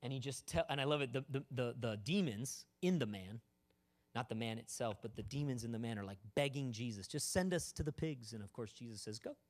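A man's voice: medium pitch, fairly quick. A man preaching a sermon in a casual, joking way, full of asides to the congregation. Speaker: pastor.

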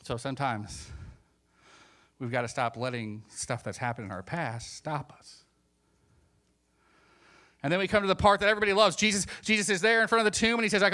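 Guy preaching, kinda high voice, goes quiet then loud, acts out the lines he quotes. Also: fast talker, clean tone. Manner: animated, swings between hushed and emphatic. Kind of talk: sermon.

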